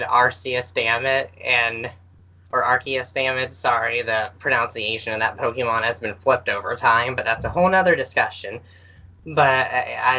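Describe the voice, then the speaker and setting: A woman's voice: rumbling low, sharp tone, poor audio. A woman co-hosting a podcast in casual chat, rambling and poking fun at herself. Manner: self-deprecating, rambling. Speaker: podcast co-host.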